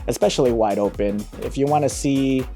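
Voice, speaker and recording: A man giving a casual, upbeat vlog review of a camera lens, talking in an excitable, slangy way. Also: mid-range voice, a little fast, soft background music.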